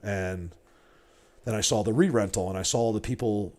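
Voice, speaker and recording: A man's voice: lowish voice, moderate pace, a little mellow. A man in his forties chatting casually to his livestream viewers, rambling and emotional, often stammering and repeating words. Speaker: livestreamer and Bigfoot hunter.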